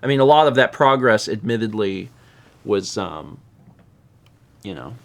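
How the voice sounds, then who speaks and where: A man's voice: on the low side, expressive, a little slow, gravelly. A man streaming a video game, chatting casually and rambling with frequent self-corrections. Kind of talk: casual gameplay chat.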